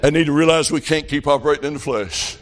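A middle-aged man preaching a revival sermon, telling folksy stories in a plain country way and rising to loud shouted passages. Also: fairly high pitch, quick pace.

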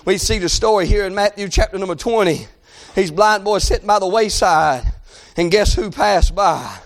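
A male preacher, delivering a rhythmic sermon that swings between shouted pleas and half-sung lines. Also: high-pitched, moderate pace.

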